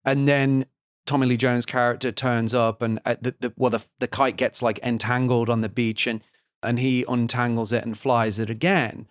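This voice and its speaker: A man's voice: mid-range voice, little pitch movement, no room sound, clean studio sound. A man co-hosting a film podcast, talking in a casual, analytical way with frequent restarts. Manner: analytical, halting with many restarts. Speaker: podcast co-host.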